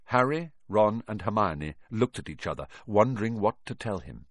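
Male audiobook reader, dramatic and expressive, dry close recording. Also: lowish voice, moderate pace, few pauses, dry recording. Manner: dramatic, expressive reading with big swings. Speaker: audiobook narrator. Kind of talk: storybook narration.

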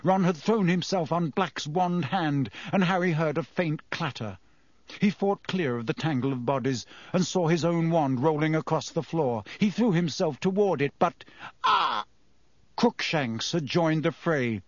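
A man reading a story aloud in measured scripted narration. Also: fairly high pitch, dry recording. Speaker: audiobook narrator.

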